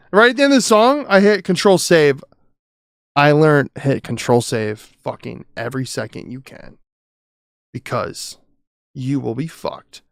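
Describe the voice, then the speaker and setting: Gravelly, rambling male streamer in a home studio. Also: mid-range voice, no echo. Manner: rambling, swearing, chatty with viewers. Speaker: streamer and audio engineer. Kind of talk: casual live-stream chat. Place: home studio with sound panels.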